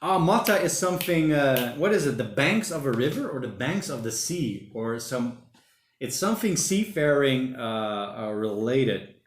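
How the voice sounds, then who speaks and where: A man in his thirties hosts a laid-back livestream from home, chatting through viewer comments and wandering from thought to thought. His voice sits at an ordinary middle pitch. The room around him is noticeably echoey. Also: big pitch swings, a little slow, a little hiss or hum. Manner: rambling, thinking out loud, says mate and man a lot. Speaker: livestream host reading viewer chat. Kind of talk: casual solo livestream chat. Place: home during lockdown. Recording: roomy home room echo.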